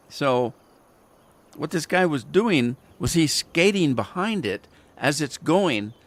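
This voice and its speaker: A man hosting a game livestream, chatting casually and wandering off into rambling stories while he plays. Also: medium pitch. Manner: rambling storyteller with restarts and chuckles. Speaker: gaming livestream host. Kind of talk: casual chat while playing.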